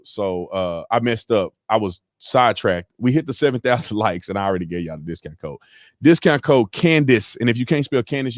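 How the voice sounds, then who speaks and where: A man hosting a casual livestream, talking in an animated, slangy way with lots of repeats. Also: medium pitch, no echo, clean studio sound. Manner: animated, repetitive, slangy, mimics sounds. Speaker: host.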